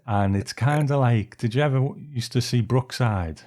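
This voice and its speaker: A man's voice: mid-range voice, moderate pace, darkish tone. An English man co-hosting a film podcast, talking in an easygoing storytelling way with chuckles. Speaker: podcast co-host. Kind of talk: casual podcast chat.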